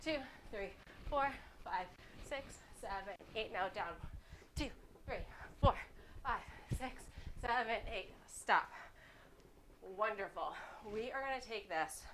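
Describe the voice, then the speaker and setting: A woman's voice: mid-range voice, noisy background. Upbeat woman counting workout reps. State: slightly winded. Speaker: fitness instructor.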